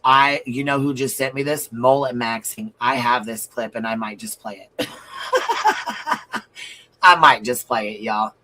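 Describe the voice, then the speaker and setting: A man's voice: medium pitch, expressive, a little slow, pauses often, pushed and bright, low-quality recording. Blunt, profane male stream commentator. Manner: blunt, profane and emphatic, repeating phrases. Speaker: livestream commentator. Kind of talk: livestream commentary reading viewer comments.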